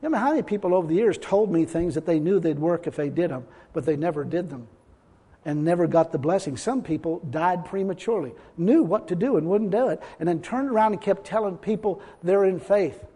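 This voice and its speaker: A man preaches a sermon emphatically, reading scripture aloud and acting out what people say. His voice is high-pitched, mellow and husky, a little fast, with long hall reverb on the recording.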